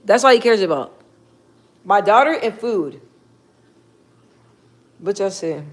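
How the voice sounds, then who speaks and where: A young woman chatting casually on a livestream, slangy and relaxed as she talks to her viewers and her dog. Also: mid-range voice, slow. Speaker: livestream host.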